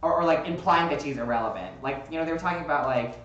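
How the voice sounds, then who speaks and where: A man's voice: a little high, fast talker, muffled recording. Chatty man hosting in an echoey room. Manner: animated, rambling with fillers. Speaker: host. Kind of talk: casual chat.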